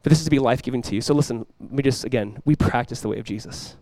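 A young adult man preaching a sermon as pastor, energetic and conversational, often restarting his phrases. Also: mid-range voice, racing, dry recording.

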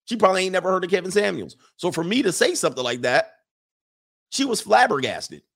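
A man's voice: sits high, expressive, fast, creaky, fairly bright tone. Emphatic man hosting a casual livestream. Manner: conversational, emphatic, frequent fillers and restarts, reads chat comments aloud. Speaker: livestream host reading chat.

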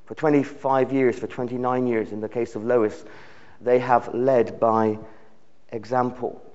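A man's voice: medium pitch, steady tone, measured pace, darkish tone, dull audio. A man, a visiting preacher giving a sermon in a church in an earnest way, often repeating words as he builds his phrases. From United Kingdom. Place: church service.

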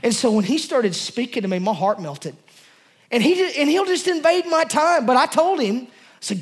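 A man's voice: very high-pitched, big pitch swings, normal speed. A male pastor preaching a sermon to his congregation, passionate and emotional, talking in a loose, conversational way with many restarts. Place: church service before a congregation.

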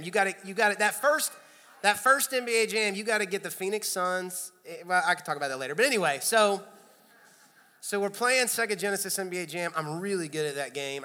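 Youngish preacher guy telling funny family stories, kinda high bright voice, big church echo. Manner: storytelling, animated, self-deprecating humor. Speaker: pastor. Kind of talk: sermon. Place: church sanctuary. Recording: long hall reverb.

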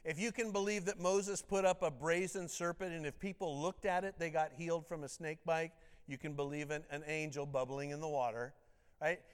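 A man's voice: sits high, clear, resonant tone. A man preaching a sermon as pastor, talking conversationally and tossing out rhetorical questions. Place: church sanctuary. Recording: reverberant church hall.

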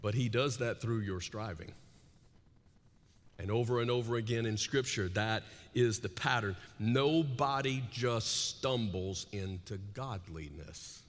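A pastor preaching a sermon in a large church auditorium. He talks with high energy, swings between soaring intensity and hushed asides, and keeps tagging lines with "right?". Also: unhurried. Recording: echoey hall.

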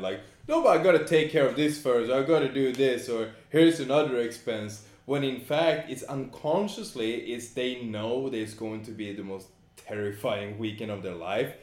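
A man co-hosting a podcast, chatting casually in a blunt, crude, emphatic way. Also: on the low side. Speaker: podcast co-host. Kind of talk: casual chat. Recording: echoey room.

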